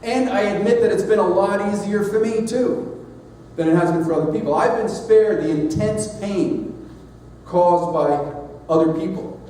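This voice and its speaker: A middle-aged man delivers an earnest, measured sermon-style address, leaning on emphatic pauses. His voice is mellow and somewhat high for a man. He is picked up from a distance in a large, echoey hall with long reverb and a faint hiss. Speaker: society leader giving a platform address.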